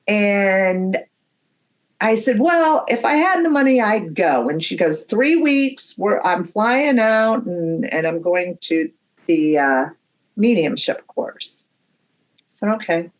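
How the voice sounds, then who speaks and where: A woman who works as a medium appears as a guest on a podcast, telling a story in a casual interview. Her mid-range voice comes through a muffled recording, and she animatedly acts out the voices of the people in her tale.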